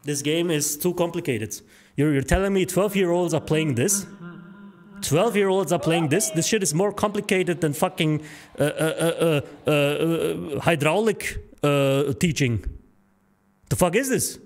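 A man's voice: fairly high pitch, unhurried. A male streamer reacting to a horror game, crude and panicky, swearing and yelping at every scare.

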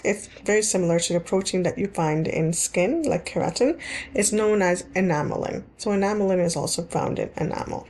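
A woman's voice: medium pitch, a little mellow. A woman teaching dental hygiene in a recorded slide lecture, explaining in plain terms and repeating key points, with frequent ums and restarts.

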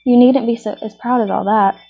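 A woman's voice: fairly high pitch, steady tone, a little fast, vocal fry, slightly rough, faint music behind. Alice, earnest and curious, read by a woman. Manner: earnest, questioning. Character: curious, polite young girl Alice. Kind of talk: storybook reading aloud. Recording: muffled lo-fi recording.

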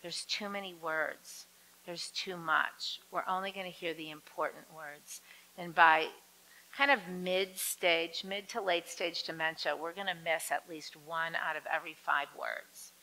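A woman lecturing an audience on dementia care, lively and acting out quoted voices. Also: measured pace, poor audio. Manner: lively, acts out quoted voices with big swings in pitch.

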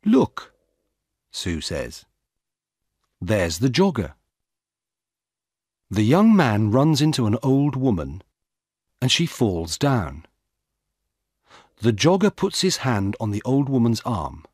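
Slow husky male storyteller. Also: mid-range voice, big pitch swings, darkish tone, no room sound, clean studio sound. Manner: slow, clear, deliberate for learners. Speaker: narrator. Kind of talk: graded reader story narration.

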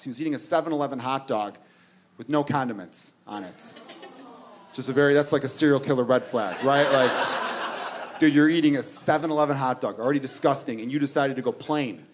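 A man's voice: mid-range voice, background noise. A male stand-up comedian from the United States telling a profane story on stage, with asides to the audience. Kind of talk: stand-up routine.

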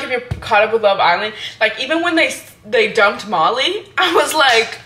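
A woman's voice: on the high side, animated, normal speed, hardly any pauses, sharp tone, slight background noise. Chatty young woman vlogger, lots of fillers. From Hawaii. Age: 20s. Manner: chatty, filler-heavy, frank with casual swearing. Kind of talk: casual chat to camera.

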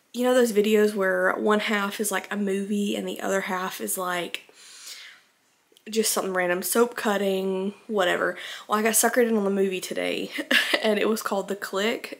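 Gravelly woman vlogging. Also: medium pitch, fairly bright tone. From Alabama. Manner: rambling, filler-heavy, chatty. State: a little out of breath. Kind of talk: casual vlog chat. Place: at home.

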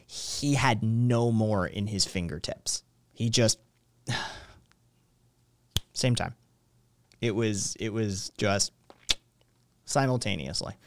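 A man's voice: mid-range voice, dry recording, studio quality. Profane rambling man on a stream. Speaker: stream host. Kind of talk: casual ranting stream chat.

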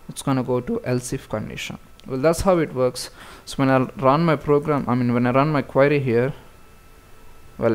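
A man explains programming steps in a relaxed, conversational way, filling pauses and restarting sentences as he works through the code on screen. His voice sits at an ordinary middle pitch, recorded close on a desktop mic. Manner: casual, talks through steps with many fillers and restarts. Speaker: programming tutor. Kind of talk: screen-recorded coding tutorial.

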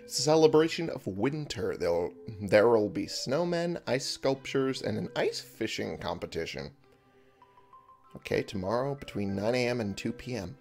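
A man's voice: mid-range voice, lively intonation, measured pace, creaky, a little mellow, faint music behind. A man giving casual gameplay commentary, sleepy and yawning, chatty and thinking aloud with frequent chuckles. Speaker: let's play gamer.

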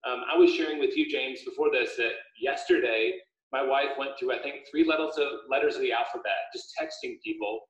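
A man, an author speaking as a guest, chatting casually on a video call with a steady, upbeat, explanatory manner. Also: medium pitch, a little fast. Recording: echoey room, dull lo-fi audio.

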